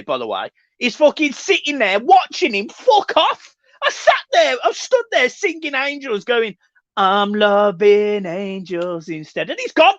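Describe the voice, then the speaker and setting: A man's voice: high-pitched, fairly bright tone, no room sound, muffled recording. A young man hosting a fan livestream, reading out chat comments with sweary, laddish banter. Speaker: fan channel host reading live chat.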